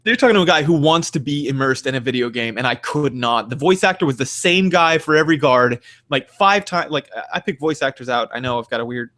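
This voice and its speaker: A young man in casual podcast chat, ranting with animated energy and plenty of swearing. His voice sits at an ordinary middle pitch, and he slips into quick mock voices to make a point. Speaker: podcast co-host.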